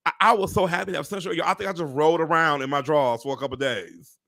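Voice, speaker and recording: Man hosting a live stream, gravelly, swinging pitch, preacher-style exclamations. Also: fast, no room sound, studio quality. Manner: animated, profane, preacher-like exclamations. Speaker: real estate agent hosting a live stream. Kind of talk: casual storytelling to live viewers.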